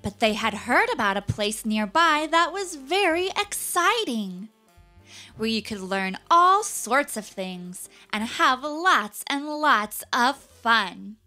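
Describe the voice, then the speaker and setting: Woman storyteller, children's puppet show, sing-song, bright tone, slow, lilting. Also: fairly high pitch, very animated, faint music behind.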